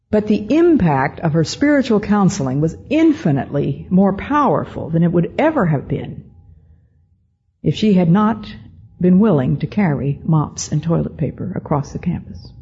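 An older woman giving a storytelling talk to an audience, speaking in a measured, deliberate way with frequent pauses. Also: lowish voice, mellow, slightly rough. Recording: dull lo-fi recording.

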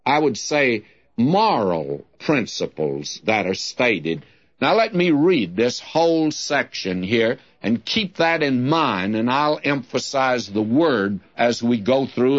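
Older male Bible teacher, slow and deliberate, lively pitch, dull lo-fi recording. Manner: slow, deliberate, reads scripture then explains it.

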